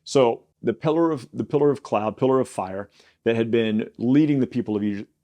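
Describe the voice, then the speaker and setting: A man with a mellow, medium-pitched voice hosts a Bible podcast, teaching in a casual, conversational way. He briefly acts out God's lines with quick, quirky quotes.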